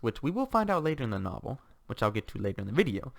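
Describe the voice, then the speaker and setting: A man's voice: mid-range voice, expressive, quick pace, gravelly, hardly any pauses, no echo, clean studio sound. A man giving a casual, enthusiastic book review, rambling with restarts and laughter.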